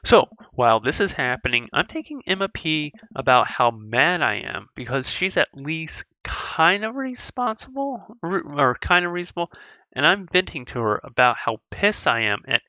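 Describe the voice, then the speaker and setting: A woman's voice: low-pitched, sing-song, pushed and bright, no room sound, heavily acted. A woman reading as a hurt, sarcastic teenage girl. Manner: dejected, self-mocking, quick sarcasm. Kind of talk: video game dialogue read aloud.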